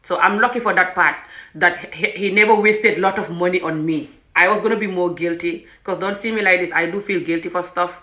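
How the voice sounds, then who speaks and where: A woman vlogger telling a personal story in a casual, animated way, often breaking into laughter. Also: lowish voice, brisk, echoey room.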